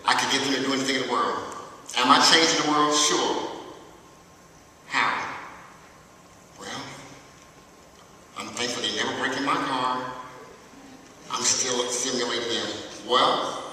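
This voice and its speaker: Keynote speaker, man in his 50s, very bright voice, lively storyteller, echoey hall from far off. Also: mid-range voice, measured pace, long pauses, a little hiss or hum. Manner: animated storytelling, asks the audience questions. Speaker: keynote speaker, music teacher. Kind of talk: conference keynote speech. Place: large conference hall.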